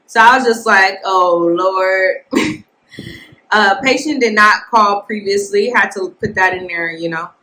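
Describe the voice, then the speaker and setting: A woman hosting a casual podcast, telling a work story in a blunt, animated way and talking straight to her listeners. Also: medium pitch, measured pace, poor audio. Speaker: nurse podcast host. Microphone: podcast mic, filmed for video.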